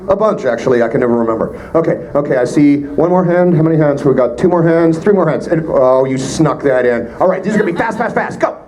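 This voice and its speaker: A Canadian voice actor answering fan questions at a convention panel, joking with quick asides. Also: male voice, a little high, animated, a little mellow, rough recording. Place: convention panel room with audience. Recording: live room with crowd noise.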